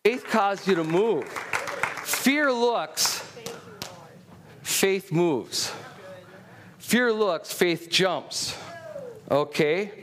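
Animated middle-aged man preaching. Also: sits high, drawn-out words, long pauses, a faint crowd, a little hiss or hum. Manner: animated, storytelling, exhorting. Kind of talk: sermon.

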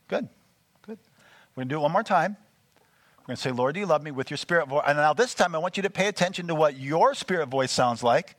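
A man's voice: a little high, fairly bright tone, no room sound. A man preaching to a small church group, coaching them through listening exercises with frequent check-ins. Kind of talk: teaching sermon with group exercises.

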